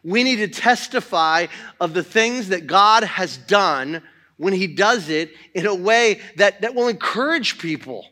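A middle-aged man preaching a sermon in church, swinging between loud exhortation and quiet talk. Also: high-pitched, expressive, a little slow. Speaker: pastor.

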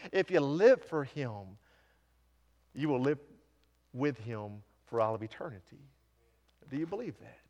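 A man's voice: medium pitch, a little mellow, big-room sound. A man preaching a sermon as pastor, earnestly asking his congregation questions and telling a story from his week. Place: church sanctuary.

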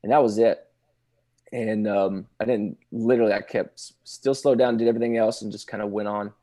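A man, a pastor telling his personal testimony in casual conversation, halting with many restarts and laughing now and then. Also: fairly low pitch, fairly even intonation, warm tone.

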